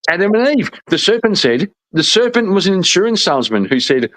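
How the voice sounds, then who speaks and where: Animated, swearing man in a casual chat. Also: sits high, a little fast. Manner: animated storyteller, laughs often, swears. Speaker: podcast panelist.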